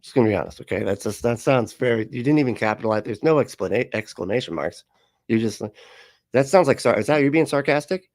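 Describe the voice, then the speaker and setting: A man chats loosely on a live stream, reading out viewer messages and puzzling over jokes he doesn't get. He laughs a lot and swears freely, at a middling pitch, recorded close and dry with no room sound. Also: animated, fast talker, darkish tone, dry recording. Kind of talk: casual live-stream chat.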